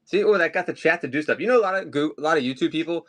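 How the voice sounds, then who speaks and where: Racing along in an expressive, somewhat high and slightly bright voice, a man runs a live-stream collectibles sale. Between items he chats casually and wanders off topic.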